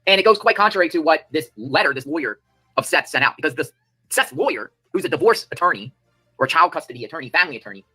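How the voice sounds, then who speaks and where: A man hosting a live stream, giving fast, emphatic, indignant commentary. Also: fairly high pitch, very animated, pushed and bright, slightly rough, soft background music, poor audio. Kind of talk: ranting commentary.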